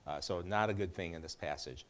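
A man's voice: low-pitched, brisk. A middle-aged man giving a casual Bible teaching in a conversational way, with joking asides and frequent restarts.

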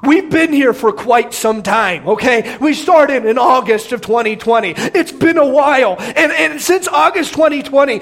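A man with a strikingly high voice preaches through a passage, pressing his points with emphasis. He doubles up words as he goes and now and then lifts into a near shout. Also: creaky. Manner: emphatic preaching, repeats words, bursts of raised voice. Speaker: pastor. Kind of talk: expository sermon.

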